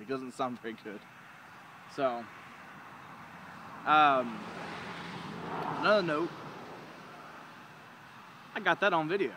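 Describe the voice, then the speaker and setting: Man, informal hobby instructor, slightly high voice, rambling delivery; outdoor recording with cars passing loudly. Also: slight background noise. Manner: rambling, informal, demonstrates calls with sounds. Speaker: duck calling instructor. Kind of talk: casual how-to video.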